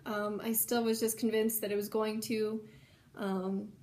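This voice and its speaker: A woman's voice: mid-range voice, level tone, measured pace, darkish tone. A young adult woman telling a personal story at home in an earnest, chatty way, full of "like" and "um". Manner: chatty, heavy use of "like" and "um"; earnest, emotional retelling. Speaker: vlogger sharing a personal story.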